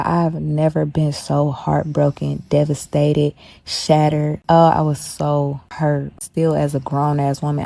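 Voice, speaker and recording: A young adult woman, telling a blunt, profane, animated story while doing her makeup. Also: low-pitched, vocal fry. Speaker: beauty vlogger. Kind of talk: casual storytime chat.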